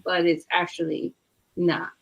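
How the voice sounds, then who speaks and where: A woman with a slightly low voice tells stories in a relaxed chat. She talks in an animated way, with lots of fillers and laughs along the way. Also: measured pace, gravelly. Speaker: book club guest. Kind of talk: casual chat.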